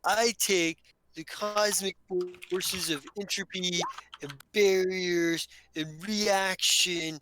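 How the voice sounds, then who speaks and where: A man voicing a laid-back male alien brawler who rambles slowly and keeps saying "man.". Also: high voice, steady tone, background noise. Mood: rambling. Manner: slow, drawling, rambling.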